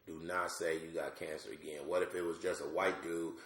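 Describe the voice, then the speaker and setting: A man from Georgia telling a comic story in casual chat, animated and acting out other people's voices. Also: a little fast, reverberant. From Georgia, USA. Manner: animated, acts out voices with big pitch jumps. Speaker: comedian guest.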